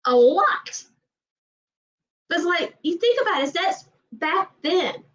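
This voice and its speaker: A high-pitched woman with a Southern accent talks fast and emphatically, often repeating herself. Her voice sounds set back from the mic, and the livestream audio is dull. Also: sing-song, a bit bright, far from the mic. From Georgia, USA. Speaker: livestream host. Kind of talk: casual chat.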